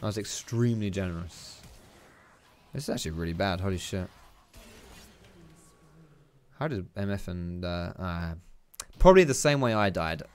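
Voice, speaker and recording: A man's voice: deep voice, expressive, fairly quick, slight background noise. A young man giving casual, chatty commentary over his own gameplay, swearing and tossing out teasing asides.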